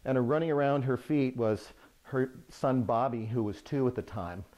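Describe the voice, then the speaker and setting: A middle-aged man, a remodeling contractor, telling a humorous anecdote from his work to the camera in a lively way. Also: mid-range voice, moderate pace. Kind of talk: storytelling to camera.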